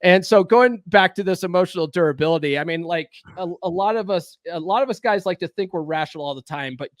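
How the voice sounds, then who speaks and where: High-voiced, profane podcast host. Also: male voice, fast talker, dry recording, clean studio sound. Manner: profane storytelling, acts out shouting. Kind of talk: casual podcast chat.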